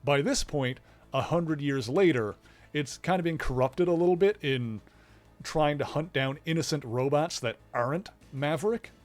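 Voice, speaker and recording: A man livestreams a video game, casually explaining its story in rambling let's-play commentary and greeting viewers in chat. His voice is on the high side at normal speed, with faint music behind.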